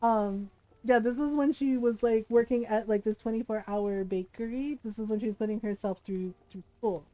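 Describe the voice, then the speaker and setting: A woman streamer telling a family story in casual chat, animated, often laughing and asking "right?". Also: fairly high pitch, moderate pace, no echo, highs cut off.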